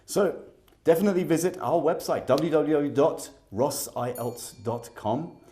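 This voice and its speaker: A man's voice: a little high, lively intonation, measured pace, mellow. A man teaching an exam speaking lesson, explaining points with emphatic stress.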